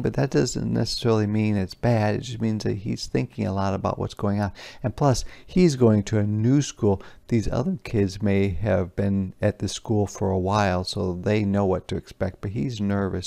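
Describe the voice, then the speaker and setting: With a low-leaning voice touched by vocal fry, a man shares a picture book with young children as a lesson. He lays gentle stress on what he reads and breaks off to make words and images easy to understand.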